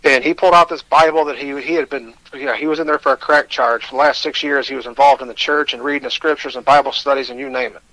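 A man's voice: medium pitch, fairly even intonation, quick pace, hardly any pauses, sharp tone, no echo, rough recording. A man with a Michigan accent, telling his personal story as a radio guest, candid and self-deprecating, with hesitant restarts.

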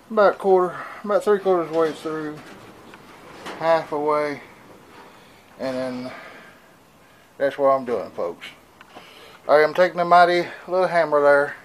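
A man's voice: a little high, a little hiss or hum, poor audio. Rambling man vlogging outdoors. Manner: rambling, folksy, addresses viewers as folks. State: out of breath. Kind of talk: casual vlog narration. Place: outdoors in a yard.

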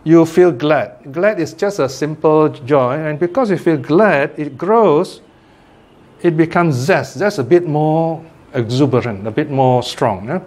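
Teaching a Buddhist class, an older man speaks in a fairly high, unhurried voice. His informal Dhamma talk is relaxed and conversational, with frequent check-ins like "okay?" and "right?" and the occasional chuckle.

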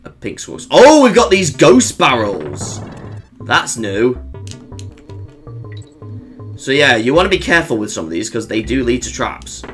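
A man commentating on his own gameplay in an excitable way, yelping and reeling off strings of "no". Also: mid-range voice, unhurried, pauses often. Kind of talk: let's play commentary. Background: faint game music.

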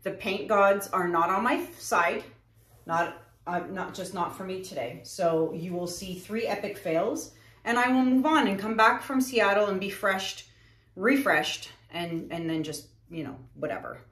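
A chatty woman artist talks straight to her viewers as she paints. Her voice sits at a middle pitch and carries a roomy echo, the sound of a plain room rather than a treated studio. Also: measured pace, a bit bright. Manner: chatty, addresses viewers directly. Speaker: acrylic pour artist. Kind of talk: casual chat while painting. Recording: echoey room.

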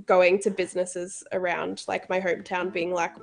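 A woman's voice: fairly low pitch, flat delivery, moderate pace, vocal fry, hardly any pauses, soft background music. A woman with an Australian accent, chatting casually and telling stories. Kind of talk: casual chat.

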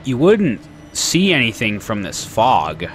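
A man gives let's play commentary on a horror game, his pitch jumping around a lot as he reacts. He is chatty and often speaks straight to the characters on screen. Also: huge pitch swings, slow, soft background music. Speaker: gaming channel host.

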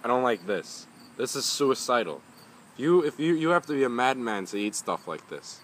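Rambling, profane young man with a bright voice. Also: mid-range voice, big pitch swings, normal speed, a little hiss or hum. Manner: rambling, swears often, grumbling. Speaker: pepper reviewer. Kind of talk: casual vlog talk.

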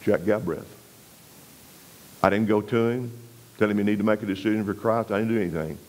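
A man from West Texas, preaching a revival sermon in a folksy storytelling way, dropping low and quiet for emphasis and pressing harder on scripture. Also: fairly quick, low-quality recording.

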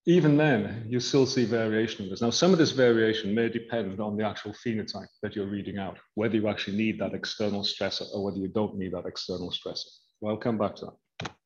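A man lecturing on research, walking the audience through slides in a measured, hedging way. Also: lowish voice, steady tone, highs cut off. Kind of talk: academic lecture.

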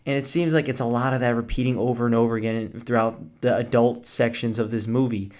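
Guy doing a loose, chatty video review; mid-pitched, trips over his words and laughs along. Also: fairly even intonation, fairly quick, a little mellow. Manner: rambling, self-correcting, chuckles often. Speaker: movie reviewer.

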